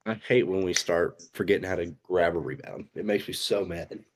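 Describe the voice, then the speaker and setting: A man joining a casual sports podcast as a guest, an excitable fan who openly vents his frustration. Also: low-pitched, normal speed, a little hiss or hum.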